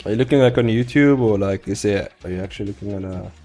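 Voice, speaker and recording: A young man's fairly low, mellow voice moves fast as he draws his comic on a live stream, with faint music behind him. He chats casually with viewers, rambling, laughing frequently and swearing freely.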